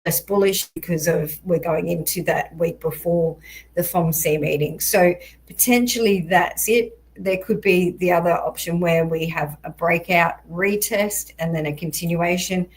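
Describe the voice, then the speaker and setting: A woman with a lowish voice and an unhurried pace, talking through market charts. She explains things steadily, pausing on fillers, and her voice is turning a little hoarse. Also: poor audio. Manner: measured, explanatory, frequent ums. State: voice going hoarse, occasional coughs. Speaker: crypto market analyst. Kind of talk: chart analysis walkthrough.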